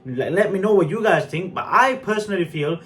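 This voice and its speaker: A man with a slightly higher voice delivers an unscripted film review, blunt and animated. He speaks straight to his viewers in a casual, chatty way. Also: brisk. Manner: frank, animated, addresses viewers as guys. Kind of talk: casual spoken movie review.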